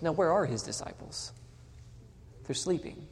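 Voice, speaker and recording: Male preacher, animated delivery, swings loud to hushed; long hall reverb. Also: sits high, normal speed, slight background noise. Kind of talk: sermon.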